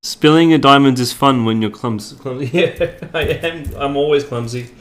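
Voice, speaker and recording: A man's voice: medium pitch, moderate pace, fairly bright tone. A middle-aged man hosting a craft live stream in casual, self-mocking chat, laughing often. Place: home room. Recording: echoey room, faint ambience.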